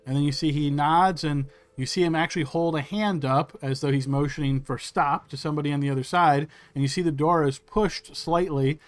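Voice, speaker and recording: Game master narrating at an easy pace. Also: male voice, on the high side, fairly even intonation. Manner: descriptive, unhurried, with small hesitations.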